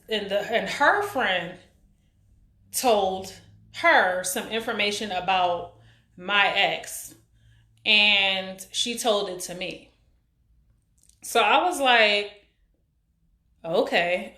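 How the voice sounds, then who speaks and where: Her voice sits in the middle range but comes out pushed and bright. She's a woman of about forty running a live stream from an echoey room, casually greeting people and going through viewer comments in a halting, rambling way full of filler words.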